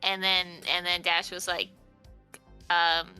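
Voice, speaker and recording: A woman's voice: on the low side, little pitch movement, slow pace, bright, forceful tone, smooth, faint music behind. A woman playing a tabletop game, chatty and giggly, full of "like" fillers. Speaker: player. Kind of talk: casual tabletop play.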